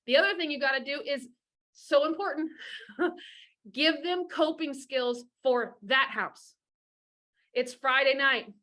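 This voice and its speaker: A woman's voice: high-pitched, slow, pauses often, bright, forceful tone. A middle-aged woman giving blunt, profane advice on divorce and parenting, talking fiercely and emphatically. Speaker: divorce coach.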